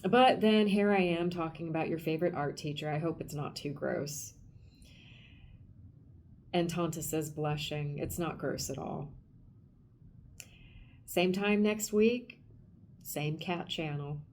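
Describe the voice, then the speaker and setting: Slow-talking, emotional woman host. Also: sits low, a little mellow. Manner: emotional and gushing, with frequent laughs and trailing restarts. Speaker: podcast host. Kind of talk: casual book discussion.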